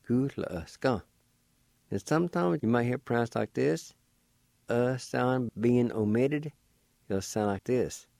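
A man with a low, mellow voice leads a radio language lesson at a very unhurried pace. He spells each word letter by letter and sounds out every syllable with deliberate care. The recording is close and dry. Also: lively intonation, creaky, no room sound. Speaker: language teacher.

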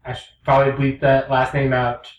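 A man's voice: mid-range voice, completely flat delivery, moderate pace, distant mic, lo-fi sound. A man co-hosting a casual podcast, teasing his co-hosts and laughing often. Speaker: podcast co-host. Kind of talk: casual banter. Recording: echoey room, voice a bit off-mic, faint background noise.

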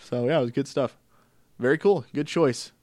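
A man co-hosting a gaming podcast, chatting casually and telling animated stories with frequent laughter. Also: medium pitch, moderate pace, no room sound. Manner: laughs often, animated storytelling. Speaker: podcast co-host. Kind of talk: casual chat about games.

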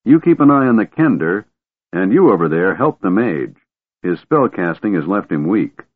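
A man voicing a big, gruff male warrior who gives commands, in an audiobook. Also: low voice, sing-song, moderate pace, full character voice. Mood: commanding. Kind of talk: audiobook character voice. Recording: narrow phone-like audio.

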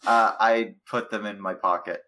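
A man's voice: lowish voice, steady tone, moderate pace, pushed and bright, poor audio. A man playing a tabletop game online, joking and playful in casual banter. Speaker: player.

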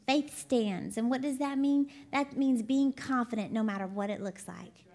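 A high-voiced woman delivers a conversational sermon. She tells folksy stories in a chatty way, often laughing along with her own stories. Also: moderate pace, few pauses, a little mellow. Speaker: ministry CEO and preacher.

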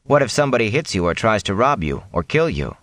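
A man's voice: on the low side, very animated, quick pace, a bit bright, no echo, voice pushed up. A man reading aloud, voicing an earnest, stubborn young villager who speaks hesitantly in a storybook.

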